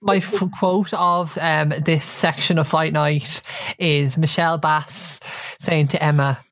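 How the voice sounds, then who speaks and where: A woman co-hosts a casual podcast, her voice pitched low for a woman. The sound is dry and close. She walks through events step by step with small ums. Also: fairly even intonation, slow, no room sound. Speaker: podcast co-host. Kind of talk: casual recap chat.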